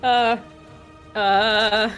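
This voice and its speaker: A woman's voice: on the high side, level tone, extremely slow, a bit bright, faint music behind. A woman playing a tabletop game, talking hesitantly with many fillers and giggles. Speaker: player.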